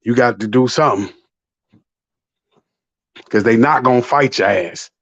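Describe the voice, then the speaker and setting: A man's voice: mid-range voice, measured pace. A man chatting casually as co-host, laid-back and explaining things in slang. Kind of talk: casual chat. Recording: dull lo-fi sound.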